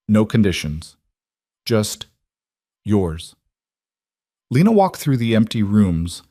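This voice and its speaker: A man narrating a dramatic romance story in a steady, even reading voice. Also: lowish voice, no room sound, studio quality.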